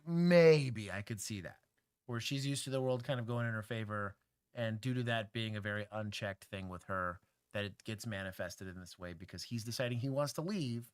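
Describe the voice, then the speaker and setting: A man from Texas who used to be a police officer talks bluntly through a livestream. He jokes often and fills his speech with "uh"s, in a mid-pitched voice. His recording sounds dry and close. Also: clean tone, no echo. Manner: blunt, joking, lots of filler words. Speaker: host, former police officer. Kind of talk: casual livestream commentary.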